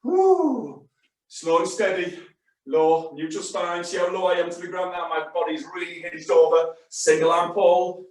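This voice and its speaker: A man's voice: sits high, little pitch movement, normal speed. A male fitness instructor leading a live class, chatty and encouraging, calling short exercise cues. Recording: very echoey room, distant mic.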